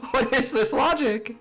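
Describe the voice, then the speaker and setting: A young man streaming a game, reacting with animated, exasperated, laughing commentary. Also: very high-pitched. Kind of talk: casual let's play commentary. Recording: voice over game music.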